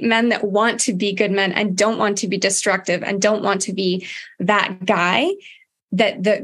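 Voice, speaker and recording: Animated woman hosting a podcast. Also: mid-range voice. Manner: animated, emphatic, uses "like" often. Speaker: podcast host. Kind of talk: casual conversation.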